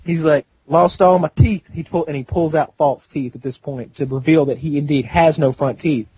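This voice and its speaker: A man's voice: fairly high pitch, fairly even intonation, brisk, husky, no room sound, dull audio. A young man co-hosting a podcast, telling a long rambling story with bursts of laughter. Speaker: podcast co-host. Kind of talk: casual storytelling.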